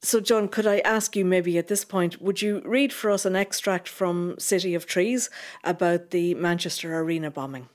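A woman's voice: fairly low pitch, steady tone, normal speed, no echo, clean studio sound. An Irish woman presenting a radio feature, asking questions and narrating thoughtful scripted passages. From Ireland.

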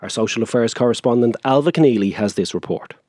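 A man reading a news introduction in a calm, formal manner. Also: mid-range voice, quick pace, no room sound, studio quality. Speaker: news presenter.

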